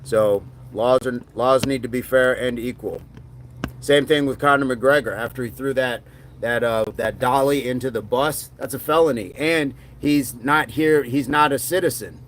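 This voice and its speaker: There's a little hiss or hum behind this middle-aged man's slightly bright, medium-pitched voice, delivered at normal speed. Hosting a casual livestream, he reads chat comments, jokes, and occasionally slips into a mock movie-gangster voice.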